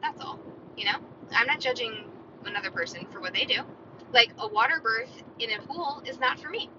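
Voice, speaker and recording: A woman's voice: on the high side, moderate pace. Chatty woman rambling on a lo-fi phone mic. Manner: chatty and opinionated, lots of "like" and "right?". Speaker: podcast host. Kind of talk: solo casual rambling podcast. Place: parked outdoors near a store parking lot, car or street sounds behind. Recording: dull lo-fi sound with clear traffic noise.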